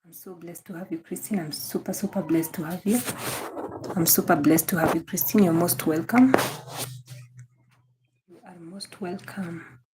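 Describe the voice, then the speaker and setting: Heavy background noise surrounds a young Kenyan woman as she chats casually on a live stream, greeting viewers by name and repeating her phrases. She speaks English in a Kenyan accent with occasional Swahili, using a lowish voice at normal speed and pausing often.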